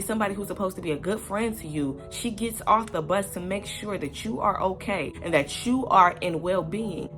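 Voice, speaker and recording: A woman's voice: fairly low pitch, fairly bright tone. A young woman talking casually to camera in a rambling, candid commentary vlog, swearing freely and piling up fillers. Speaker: vlogger.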